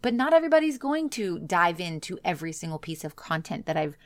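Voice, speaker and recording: A woman's voice: on the low side, big pitch swings, fast, dry recording, clean studio sound. A woman business coach giving an earnest, emphatic motivational talk to her audience. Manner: earnest, emphatic, acts out quoted reactions.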